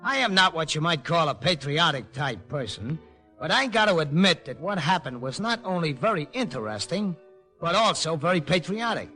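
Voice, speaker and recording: An actor playing a tough-talking, streetwise war veteran who narrates the story in a 1940s radio drama, full of slang and wisecracks. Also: male voice, a little high, very animated, moderate pace, bright, forceful tone, faint music behind. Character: wisecracking streetwise man, war veteran, gruff but kind. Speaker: narrator and lead character.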